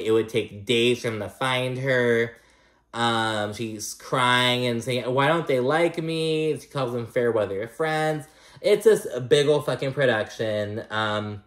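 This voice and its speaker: A man giving a casual, gossipy recap of a reality show episode, swearing freely and peppering his talk with likes and you knows. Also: medium pitch. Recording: roomy echo.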